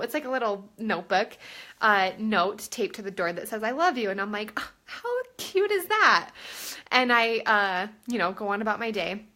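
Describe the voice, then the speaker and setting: A woman in her thirties, pitched a little high with a sharp tone, rambles and fills her casual live stream with fillers. She's in a room at home, recording on a phone held at arm's length.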